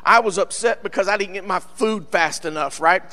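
Bright-voiced preaching man, shouting bursts. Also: high voice, moderate pace. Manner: preaching with shouted, rising bursts and frequent "uh" fillers. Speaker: pastor. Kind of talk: sermon.

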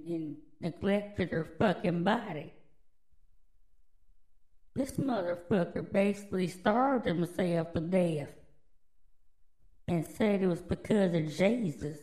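A woman's voice: on the low side, warm tone, low-quality recording. A woman hosting a podcast alone, delivering a crude, rambling, mock-conspiratorial monologue full of swearing. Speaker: podcast host.

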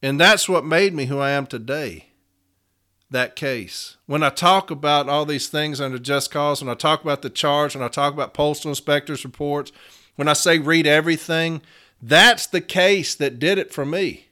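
Middle-aged male union steward, impassioned repetitive delivery, bright tone. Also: fairly high pitch, normal speed. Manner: fervent, repetitive, preacher-like cadence. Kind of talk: impassioned talk to union members.

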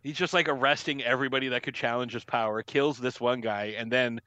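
Young guy podcasting about a kung fu flick, bright voice, dry close mic, mimics characters for laughs. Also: medium pitch, fairly quick, smooth, dry recording, highs cut off. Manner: animated, acts out scenes in mocking voices. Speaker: podcast co-host. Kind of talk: casual movie review chat.

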